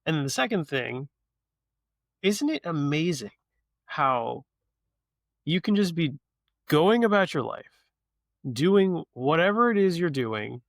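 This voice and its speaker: A man's voice: on the high side, gravelly, fairly bright tone, no room sound, clean studio sound. A man hosting a podcast, reflecting in a casual, musing way. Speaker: podcast host.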